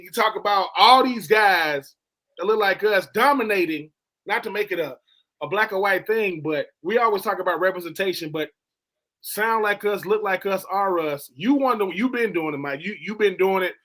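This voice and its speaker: A sports radio co-host, a man with a high-pitched voice. He talks in a loose, slangy, earnest way, as if he is speaking straight to a friend. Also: pushed and bright. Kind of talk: casual sports radio chat.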